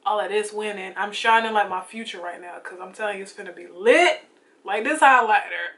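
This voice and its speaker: A young woman chatting casually and excitedly about her makeup while she gets ready at home, full of slangy asides. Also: medium pitch, moderate pace. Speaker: beauty vlogger. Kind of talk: casual get-ready-with-me chat.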